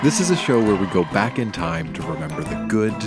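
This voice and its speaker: Male show host, low voice with a lively lilt, narrates over music. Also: a little fast. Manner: lively, storytelling delivery. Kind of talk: scripted narration. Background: background music.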